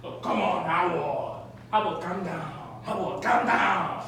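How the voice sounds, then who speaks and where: A man's voice: sits high, takes it slowly, sharp tone, a little hiss or hum, full character voice. A man on stage playing a male talent manager who coaxes and placates, recorded from far off in an echoey theatre. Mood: coaxing. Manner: placating, chuckling, coaxing. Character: coaxing male talent manager smoothing things over.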